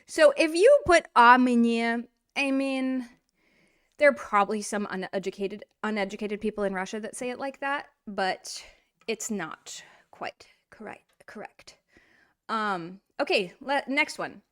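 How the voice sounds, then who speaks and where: A woman teaching a casual language lesson, animated and playful, speaking straight to the learner. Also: a little high, moderate pace, smooth. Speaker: Russian teacher.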